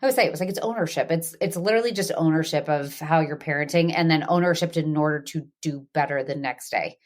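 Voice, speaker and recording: A woman hosting a casual podcast chat, her voice sitting a little low. She talks frankly, swears freely and leans on "like" as a filler. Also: fast. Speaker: podcast host.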